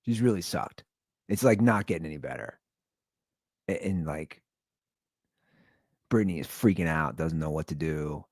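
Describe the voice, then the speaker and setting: A man's voice: extremely low pitch, normal speed, pauses often, a little mellow, no room sound, studio quality. A tired man hosting a podcast, talking in a blunt, rambling casual monologue full of restarts. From Cincinnati area. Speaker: podcast host.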